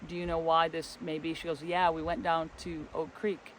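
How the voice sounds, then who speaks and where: Speaking at a normal pace in a level, slightly bright voice on the high side, a spiritual travel channel co-host casually rambles through a story and acts out its dialogue. He's in a windy forest, and the poor audio includes light wind and outdoor background noise.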